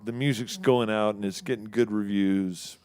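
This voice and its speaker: A man from Houston, a musician, telling a story in a casual, animated way, acting out the other people in it and laughing often. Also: lowish voice, normal speed, clear, resonant tone, soft background music. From Houston, Texas. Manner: animated, acts out quoted voices, laughs often. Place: live studio show.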